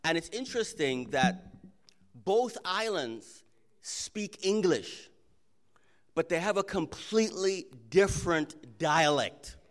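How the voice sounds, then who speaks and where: A man with a high-pitched voice, raised in Jamaica and Trinidad, leads a church welcome as its pastor. He speaks slowly and earnestly, in a conversational way, as he shares announcements with the congregation. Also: animated.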